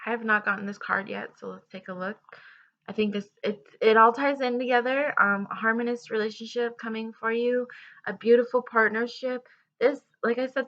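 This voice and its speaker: A woman's voice: fairly high pitch, a bit bright, lo-fi sound. A woman giving a casual tarot love reading to her viewers, talking in a rambling way with fillers and restarts. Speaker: tarot reader.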